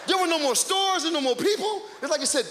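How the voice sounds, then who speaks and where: A man from the United States doing stand-up, ranting loudly and in exasperation to a live audience. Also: very high-pitched, expressive, fast. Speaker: stand-up comedian. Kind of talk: stand-up comedy set. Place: comedy club stage, live audience. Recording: echoey live hall with crowd and noise.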